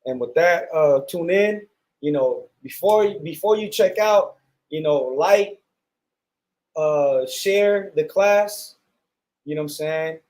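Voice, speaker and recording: A fervent American man delivers a preaching lecture, circling back on his words and leaning on fillers. His voice sits slightly high yet has a dark, mellow tone. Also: expressive, slow. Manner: repetitive, fervent, with many fillers. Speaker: street preacher teaching a class.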